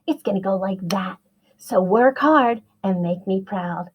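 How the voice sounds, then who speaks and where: A woman teaching a writing lesson to young children, slow and sing-song, stretching her words out and encouraging them. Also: medium pitch.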